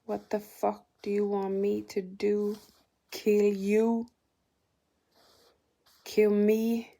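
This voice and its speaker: A woman voicing a harsh, angry male god who shouts his replies. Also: medium pitch, little pitch movement, extremely slow.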